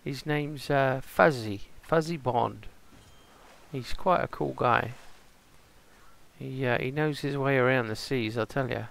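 A man's voice: medium pitch, unhurried, vocal fry, fairly bright tone. A man playing an easygoing male pirate in a game role-play stream, rambling and musing aloud to himself. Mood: chatty.

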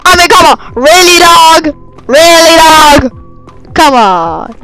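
Brief: excitable let's-play gamer, high bouncy voice, unhurried between sudden screams, music bed underneath. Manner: excitable, shrieks and yelps at scares. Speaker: gamer playing a chase game. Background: game music.

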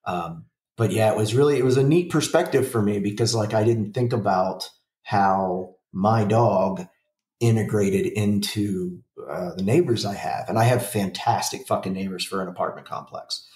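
A man's voice: lowish voice, moderate pace, darkish tone, roomy sound, distant mic. A man in his forties telling a rambling, profane story in a casual podcast chat. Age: 40s. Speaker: podcast co-host.

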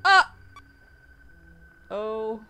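Young woman, horror game commentary, unhurried talk, higher voice, faint music behind. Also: lively intonation, sharp tone, slight background noise. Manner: chatty, talks to the game characters, swears and laughs in panic. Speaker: gaming YouTuber.

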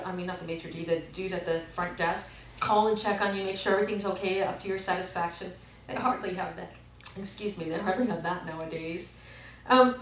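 A woman's voice: mid-range voice, fairly bright tone, recorded from a distance. Woman rambling in an echoey room. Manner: rambling, with frequent self-corrections. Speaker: vlogger. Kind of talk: casual monologue, reading aloud from books. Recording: echoey room, away from the mic.

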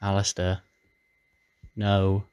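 A man plays a fearful young woman in a game story. She warns in a hushed, pleading voice. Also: sits low, completely flat delivery, extremely slow, clean tone. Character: worried young female wrestler, warning and fearful.

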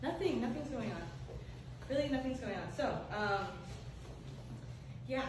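Woman acting as nervous evasive young wife, high voice, echoey room, mic far off. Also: animated, measured pace, heavy background noise. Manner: nervous, stalling with fillers. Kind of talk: amateur skit acting.

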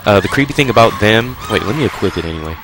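A man with a low, deep voice runs through a video game walkthrough in an offhand, crude way. He jokes constantly and talks back at the characters on screen. Game music plays clearly behind him. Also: animated, fast. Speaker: gaming commentator. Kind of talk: casual walkthrough commentary.

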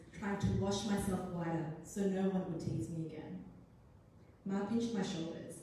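A woman, a writer, reading her own story aloud expressively at a live arts event. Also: on the low side. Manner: expressive, first-person storytelling. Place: arts centre event room. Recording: echoey room, distant mic, faint noise.

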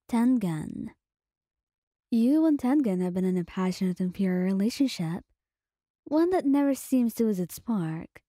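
A woman storyteller narrating a soft second-person whispered role-play. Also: medium pitch, no room sound, studio quality.

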